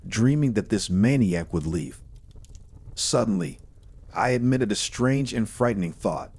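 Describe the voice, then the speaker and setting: Husky low-voiced man narrating horror. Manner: steady, measured storytelling. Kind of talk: scripted first-person horror narration.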